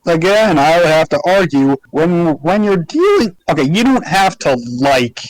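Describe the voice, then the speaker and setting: A man's voice: on the high side, sing-song, moderate pace, no room sound, rough recording. A man on a casual podcast, making his point emphatically and sarcastically, swearing freely.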